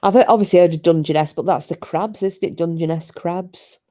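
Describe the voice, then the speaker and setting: A woman's voice: lowish voice, brisk, dark tone. A middle-aged woman, hosting a live stream and chatting casually with viewers, rambling and swearing freely. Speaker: livestream host reading chat.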